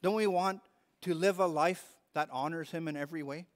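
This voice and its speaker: High-voiced preacher in a reverberant hall. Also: male voice, fairly even intonation, a little fast. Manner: earnest, repeats words when stressing a point. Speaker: pastor. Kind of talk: sermon. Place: church hall.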